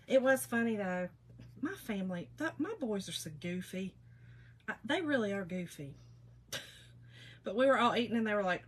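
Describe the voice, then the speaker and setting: A woman's voice: high voice, pushed and bright, breathy edge, poor audio. A middle-aged woman, hosting a casual craft livestream in a folksy, chatty way and greeting viewers by name.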